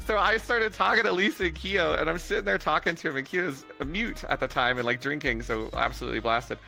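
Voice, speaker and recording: A young man co-hosting a casual gaming chat, telling animated stories and giggling. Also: a little high, fairly quick, vocal fry, faint music behind.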